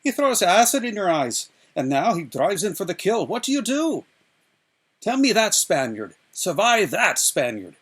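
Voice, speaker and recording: A man's voice: high voice, sing-song, measured pace, breathy edge, voice pushed up, full character voice. A man doing a scoffing old fencing master. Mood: scornful. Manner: loud, challenging, lecturing.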